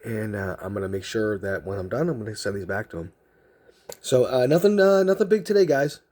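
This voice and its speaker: A man's voice: on the low side, expressive, fairly quick, darkish tone. A man telling a story casually as a card video host, rambling with lots of fillers and restarts.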